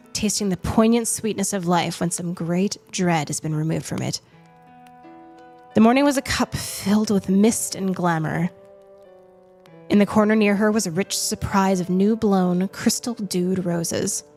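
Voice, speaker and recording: A young woman reading a novel aloud on a live stream, expressive in the reading and chatty between chapters. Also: lowish voice. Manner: expressive reader, chatty and self-amused when talking.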